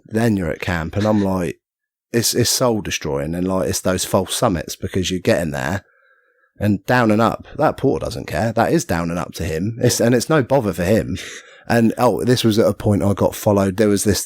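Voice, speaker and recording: A man's voice: low-pitched, normal speed, darkish tone, no room sound. A man telling a story as a podcast guest, rambling and self-mocking, acting out the voices of people he quotes. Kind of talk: casual storytelling chat.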